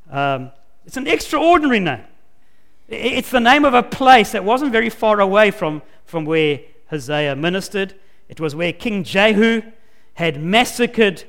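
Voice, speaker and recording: A man preaching a sermon, telling the story in an animated and emphatic way and acting out the scenes. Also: high-pitched. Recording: long hall reverb.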